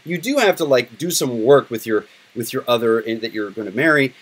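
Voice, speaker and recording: A man's voice: mid-range voice, animated, fairly quick, breathy edge. A middle-aged man hosting a podcast in casual chat, candid and emotional, swearing freely. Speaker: podcast host.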